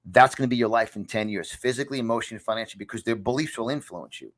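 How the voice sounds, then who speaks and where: A man's voice: medium pitch, racing. A man in his fifties with a New York accent gives a motivational talk as a podcast host, repeating key lines in an emphatic, punchy, preacher-like delivery from a home studio. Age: 50s. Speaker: podcast host and success coach.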